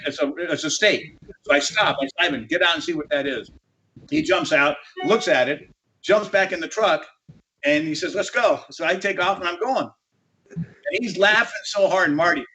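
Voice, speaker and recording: A man's voice: high voice, pushed and bright. A man telling a rambling, salty off-road racing yarn to a panel in casual chat. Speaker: panel guest. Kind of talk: casual storytelling. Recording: dull lo-fi audio.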